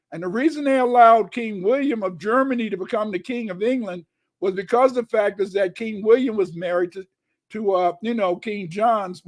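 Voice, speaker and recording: Emphatic male lecturer, high voice, repeats himself for stress. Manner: emphatic, rising to shouts, repeats phrases. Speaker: guest lecturer. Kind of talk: lecture-style talk reading old documents.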